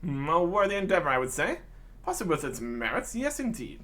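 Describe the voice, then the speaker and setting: A man's voice: fairly high pitch, big pitch swings, brisk, pushed and bright. A man doing Rupert, a plummy old dwarf. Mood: jolly. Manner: plummy posh old-fashioned English speech. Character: pompous old dwarf with a long beard.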